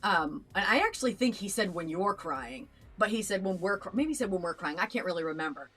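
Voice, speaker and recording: Woman, young adult, earnest storytelling, fillers and restarts, mid-pitched voice, faint music behind. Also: animated, a little fast, fairly bright tone, slightly rough. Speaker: reaction channel co-host. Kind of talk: casual chat.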